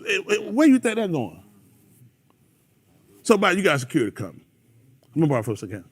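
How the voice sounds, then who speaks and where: A man's voice: high voice, fast, breathy edge. A man preaching a fiery sermon, calling out members of the congregation by name. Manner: animated, preachy, calls out listeners by name.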